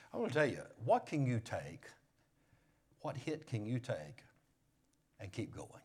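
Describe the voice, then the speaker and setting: A man preaching from the pulpit, his pitch sitting in an ordinary middle range. He moves between loud, pressing emphasis and soft, almost whispered passages. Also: big pitch swings, unhurried, long pauses, slightly rough. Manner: preaching with swings from loud raised emphasis to hushed near-whispers. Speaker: pastor. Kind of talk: sermon.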